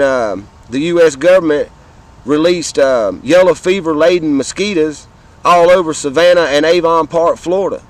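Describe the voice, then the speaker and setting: A man in his fifties with a thick Southern drawl speaks outdoors in an impassioned, rambling monologue. He swears freely and stumbles over repeated words. His voice sits a little higher than most men's. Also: low-quality recording. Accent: Southern American. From Southern United States. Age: 50s. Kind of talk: casual monologue to camera.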